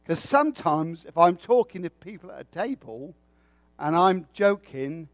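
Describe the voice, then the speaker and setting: A man's voice: sits high, very animated, a little slow, dry recording. A man preaching a sermon with a folksy, joking way of telling stories.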